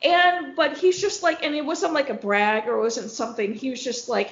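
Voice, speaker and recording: A woman's voice: high voice, lively intonation, normal speed, echoey room, dull audio. A young woman co-hosting a casual podcast, telling a story with lots of fillers and laughs. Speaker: podcast co-host. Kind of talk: casual chat among friends.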